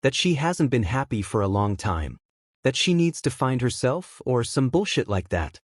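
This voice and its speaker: Man doing a devastated young husband, self-blaming, halting, pleading, mid pitch, dry sound. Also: very animated, no echo. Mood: distraught. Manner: halting, pleading, questioning himself.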